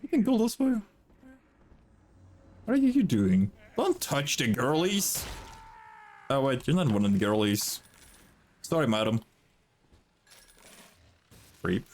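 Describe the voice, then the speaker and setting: A man's voice: mid-range voice, big pitch swings, a little slow, pauses often, a little mellow. A young man casually commenting on a video game as he plays, swearing freely and chattering playfully to his chat and the characters on screen. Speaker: streamer.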